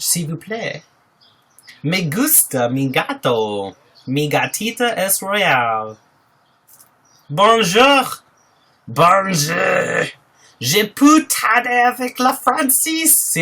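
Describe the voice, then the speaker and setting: A man's voice: mid-range voice, pushed and bright. A man from Iowa chatting casually on a live stream, reading viewer comments aloud and answering them with frequent laughs. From Iowa, USA. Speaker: livestreamer.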